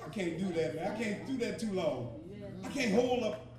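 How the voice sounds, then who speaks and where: A man's voice: sits high, expressive, normal speed, a little mellow. A man preaching in a storytelling sermon, repetitive and rousing, with laughter and calls to the congregation. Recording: echoey hall, mic far off, congregation.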